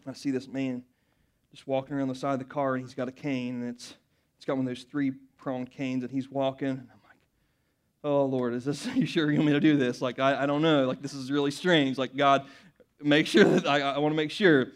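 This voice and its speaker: A middle-aged man preaching a sermon, telling rambling personal stories full of restarts that build up into loud excitement. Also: medium pitch, fairly quick, clear, resonant tone.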